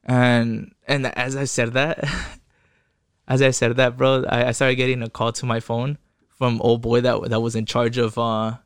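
A man's voice: medium pitch, little pitch movement, unhurried, clear, resonant tone, no echo, clean studio sound. A young man telling his own story in casual talk, profane and rambling, acting out what others said. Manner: profane, quotes people in voices, rambling restarts.

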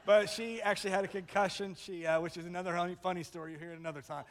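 A pastor with a high male voice races through his sermon, telling animated stories and acting out each person's voice. The church sanctuary recording has a long hall reverb.

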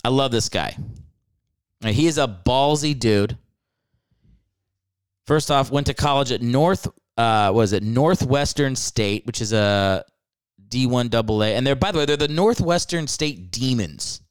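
Animated, irreverent male podcast host. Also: mid-range voice, unhurried, clear, resonant tone, dry recording, clean studio sound. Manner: irreverent, rambling, profane asides. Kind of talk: casual comedic solo podcast.

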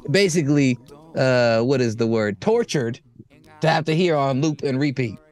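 A man's voice: medium pitch, moderate pace. A man hosting a casual chat podcast, telling stories animatedly with frequent uhs. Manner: animated storytelling with filler uhs. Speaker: podcast host.

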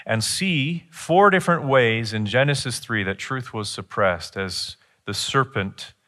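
Middle-aged guy preaching, earnest teacher vibe, gets higher and punchier on his big points. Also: lively intonation, unhurried, sharp tone. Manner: earnest teaching tone, rises in pitch and force when pressing a point. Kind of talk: sermon.

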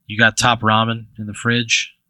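A man runs a tabletop game, narrating scenes in a loose, vivid style. His voice sits low but sounds very bright. The recording is dry and close. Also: completely flat delivery, normal speed, dry recording. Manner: casual, vivid storytelling. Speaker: game master.

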